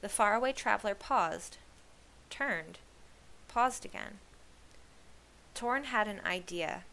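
Bright-voiced woman reading a novel aloud. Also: medium pitch, lively intonation, slow, gravelly. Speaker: read-aloud host.

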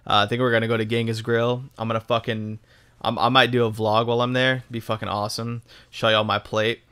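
A man's voice: medium pitch, little pitch movement, fast, pushed and bright, smooth. A young man from Texas talking in a casual, rambling way over gameplay as a gaming YouTuber, swearing often and filling gaps with ums and restarts.

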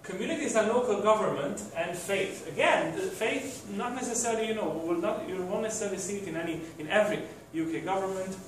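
A man's voice: sits high, fast, few pauses, noisy background. A man giving a university lecture, hesitant, with many fillers and restarts. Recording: very echoey room from far off.

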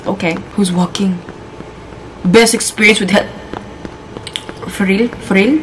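In this horror game let's play, a young female gaming YouTuber talks casually and gets jumpy, shrieking and exclaiming when startled. She speaks slowly at a medium pitch with fairly even intonation and frequent pauses. The audio is low quality, carrying a little hiss or hum.

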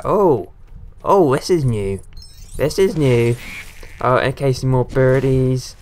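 A man's voice: medium pitch, takes it slowly, long pauses, a little mellow. A man giving casual, rambling commentary as he plays a video game, often talking straight to the characters on screen. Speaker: gaming video creator. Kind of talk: casual let's-play commentary.

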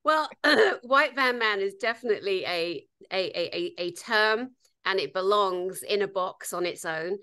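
A woman's voice: mid-range voice, unhurried, pushed and bright. A woman co-hosting a casual chat, talking in a chatty, hesitant way with frequent ums. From Britain. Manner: chatty, hesitant, with many ums and throat clears. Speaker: co-host.

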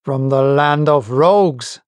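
A man's voice: mid-range voice, slow pace, no echo, lightly acted. A man doing a blustering, angry harpooner. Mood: indignant. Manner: indignant, blustering. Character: angry hot-tempered male harpooner, adult.

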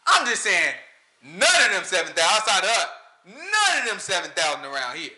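A man preaching a casual, conversational sermon, animated and talking straight to his listeners. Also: high voice, brisk. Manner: animated, talks straight to listeners, often asks "you know what I'm saying?". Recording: roomy echo.

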